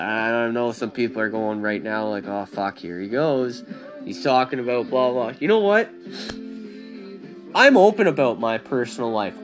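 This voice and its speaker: A man giving a blunt, profane, animated rant about being yourself and not following the crowd, talking casually to listeners. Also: mid-range voice. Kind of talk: casual monologue.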